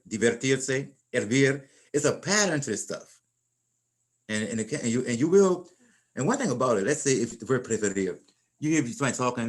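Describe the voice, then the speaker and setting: Middle-aged man, Spanish teacher, plain mid-pitched voice, folksy classroom delivery with frequent restarts. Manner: repeats and restarts words, folksy phrasing.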